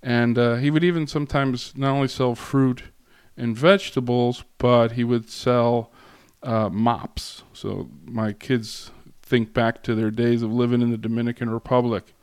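Guy guest lecturing a class, lots of uhs and ums, smooth clear voice, dry close sound. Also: medium pitch, level tone, no echo. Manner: halting, many fillers and restarts. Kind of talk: casual classroom talk.

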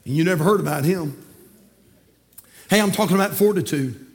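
A man's voice: brisk, slight background noise. A man with a Southern US accent preaching a sermon from the pulpit, telling stories and calling the congregation not to quit. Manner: emphatic preaching that rises to shouts and drops low. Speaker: pastor. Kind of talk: sermon with storytelling. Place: church sanctuary, from the pulpit.

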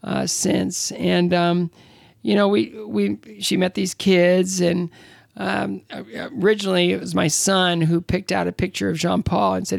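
Gravelly man in his sixties. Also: sits high, flat delivery, dry recording, studio quality. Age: 60s. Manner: halting, many fillers and restarts. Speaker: interview guest. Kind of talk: casual conversational storytelling.

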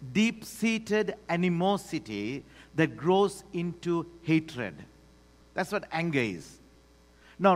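Male pastor preaching, super lively, jumps from low murmurs to loud commands. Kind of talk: sermon. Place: church sanctuary. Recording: long hall reverb.

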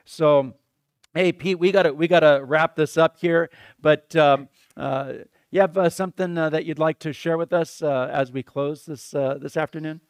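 A man hosting a Christian talk show, talking in a rambling, excitable way, repeating words and calling things crazy. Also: fairly high pitch, normal speed, clear, resonant tone, dry recording, clean studio sound. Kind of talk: casual conversational preaching.

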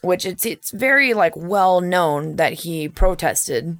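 A woman's voice: on the low side, expressive, slow pace, fairly bright tone, no echo. A woman co-hosting a casual podcast chat, blunt and swearing freely, laughing often. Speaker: podcast co-host.

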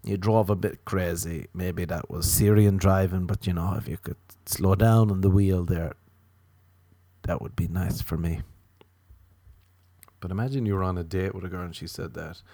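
A man with a low voice rambles through a crude, self-mocking comic monologue. He keeps jumping into high, mocking voices to quote the people in his stories. The sound is dry and close. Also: steady tone, normal speed, dark tone, no echo. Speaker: comedian.

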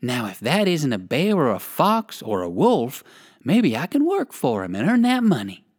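A polite old gentleman rabbit from a storybook, played by a reader, earnest and courteous. His voice sits a little higher than the narration and swoops up and down. The sound is close and dry. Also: huge pitch swings, moderate pace, no room sound. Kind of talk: storybook character voice.

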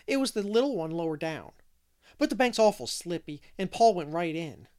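A man's voice: high voice, animated, normal speed, a little mellow, smooth. A man doing a chatty, curious little boy. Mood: chattering. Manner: rambling, eager, questioning.

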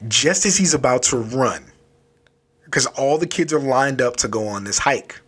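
Husky-voiced man recapping a story. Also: medium pitch, unhurried. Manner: loose, animated retelling with lots of "like" and "yo". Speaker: book reviewer.

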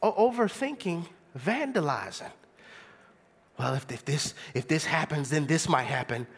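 Animated high-pitched male preacher. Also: measured pace, husky. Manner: animated, conversational preaching with rhetorical questions. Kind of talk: sermon.

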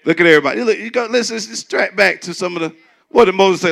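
Raspy, bright-toned preacher man. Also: quick pace. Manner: conversational preaching, mimics skeptics in a high squeal. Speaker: pastor. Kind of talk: sermon.

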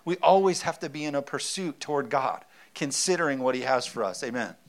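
A man's voice: medium pitch, fairly quick. A man in his thirties, a pastor preaching a sermon with emphasis and often calling out for an amen.

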